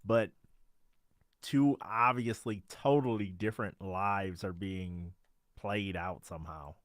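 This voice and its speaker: A man's voice: low voice, slow, dry recording, studio quality. A man co-hosting a podcast, recapping a TV episode in casual chat and laughing often. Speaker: podcast co-host.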